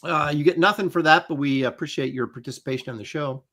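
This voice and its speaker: A man's voice: on the high side, fast talker, fairly bright tone. A man in his sixties hosting a livestream, reading out chat names with wry asides. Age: 60s. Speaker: host.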